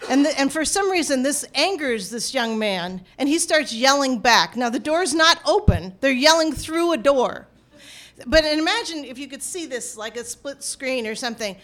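A woman from the United States telling a personal family story in an animated, wry manner. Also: high-pitched.

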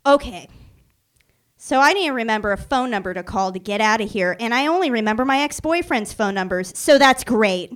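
A young woman telling a funny story about her own past to the camera, animated and self-mocking, acting out the other people's voices as she goes. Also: on the high side, normal speed. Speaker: vlogger. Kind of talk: storytime anecdote.

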